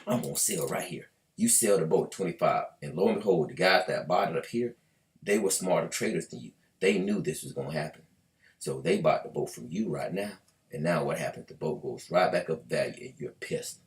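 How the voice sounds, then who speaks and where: A man and trader with a very low voice explains trading in a loose, colloquial way, with mild swearing, often acting out buyers and sellers in quick quoted asides. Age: adult with a school-age daughter. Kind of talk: casual explainer video.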